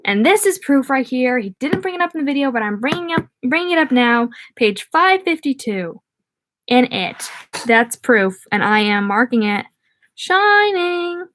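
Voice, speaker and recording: A woman's voice: high-pitched, sing-song, normal speed, a bit bright. A young woman streaming a book reading, breaking off to chat with viewers in scattered asides. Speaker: read-aloud streamer.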